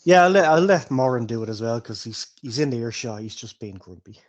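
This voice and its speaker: A man leads a tabletop game as game master, describing scenes in a relaxed, jokey manner. His voice sits at an ordinary middle pitch. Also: fairly quick, highs cut off.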